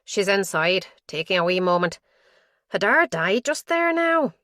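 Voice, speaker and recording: A woman doing a gruff Donegal constable. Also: medium pitch, big pitch swings, a little slow, a bit bright, dry recording, clean studio sound. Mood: blunt. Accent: Donegal Irish. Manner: blunt, harsh but kind. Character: gruff middle-aged male police constable.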